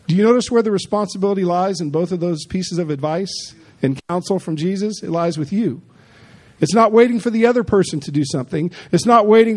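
High-voiced, mellow man preaching. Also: quick pace. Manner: emphatic, conversational preaching with repeated asides. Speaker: pastor. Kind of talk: sermon.

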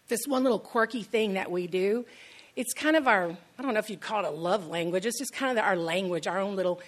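A woman pastor giving a sermon in a conversational, storytelling way, repeating key lines for emphasis. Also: medium pitch.

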